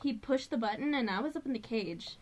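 Woman telling prison work stories on a podcast, fairly high voice, animated, curses a lot, acts out the voices. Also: a little fast, low-quality recording. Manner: animated, swears freely, acts out quoted voices. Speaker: podcast co-host, former prison officer. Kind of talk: casual storytelling chat.

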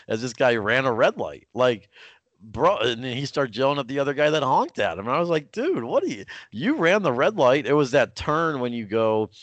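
A man's voice: mid-range voice, a bit bright, no echo. A young man, co-hosting a casual sports podcast and telling a story with lots of fillers and restarts. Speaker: podcast co-host.

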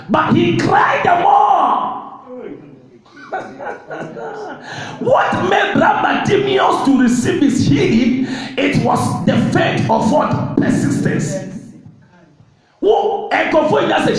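A man preaching a call-and-response sermon, shouting and repeating phrases. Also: very high-pitched, huge pitch swings, slow pace. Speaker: pastor. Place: large church hall. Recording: very echoey church hall.

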